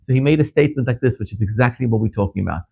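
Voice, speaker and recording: A man's voice: racing, gravelly, breathy edge. A middle-aged man from Zimbabwe, a rabbi giving a sermon and telling stories, his voice climbing sharply whenever he stresses a point. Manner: animated storyteller, pitch leaping up for emphasis. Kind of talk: sermon with storytelling. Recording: dull lo-fi recording.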